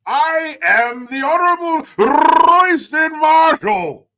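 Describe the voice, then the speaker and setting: An American man doing a grandiose posh British gent with a clipped, stiff-upper-lip accent, his pitch leaping high and swooping all over. He sounds bright and sharp, puffed up with self-importance like an old army chap. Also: lively intonation, slow, heavily acted. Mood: pompous. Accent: put-on British.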